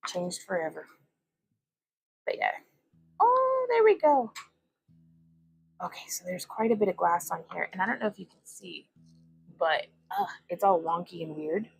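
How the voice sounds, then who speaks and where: A young woman hosts a casual glass bead livestream from her home workbench, chatting, rambling and greeting viewers. Her voice is fairly low, with vocal fry and a breathy edge, on a low-quality recording.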